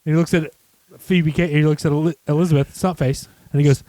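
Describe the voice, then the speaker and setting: Male podcast co-host, slightly high voice, dry room, animated recaps. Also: fast talker, dry recording. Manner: animated, acts out quotes in shrieking voices, swears. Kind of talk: casual movie discussion. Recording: dry close-miked home studio.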